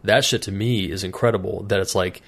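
A man's voice: fairly low pitch, steady tone, fairly quick, a bit bright. A man co-hosting a casual podcast, telling profane stories and acting out the people in them. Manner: profane storyteller acting out quoted voices. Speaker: podcast co-host.

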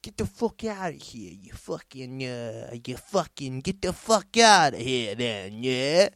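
A man putting on a crude, foul-mouthed New Jersey local with a harsh, brash, loud voice and a put-on New Jersey accent. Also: medium pitch, sing-song, unhurried, no echo. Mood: snarling.

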